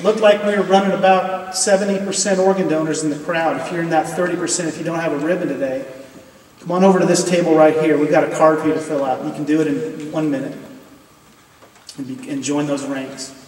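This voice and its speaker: A man's voice: a little high, fairly even intonation, a little fast, a little mellow, slight background noise. A middle-aged man giving an emotional, earnest speech in a university chapel, pleading with his audience. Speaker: university professor speaking in chapel. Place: large hall, recorded from afar. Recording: distant, echoey hall with long reverb.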